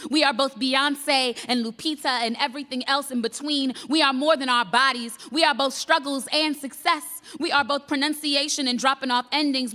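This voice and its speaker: A woman's voice: sits high, sharp tone, in a large hall. A woman performing spoken word poetry on stage, rhythmic and declamatory. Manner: declamatory, rhythmic, building intensity. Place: large hall stage before an audience.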